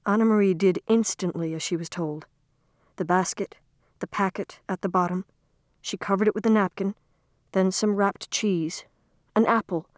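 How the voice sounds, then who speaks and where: A woman reading a storybook aloud in a calm, measured way. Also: medium pitch, dry recording, clean studio sound. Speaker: reader. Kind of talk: storybook narration.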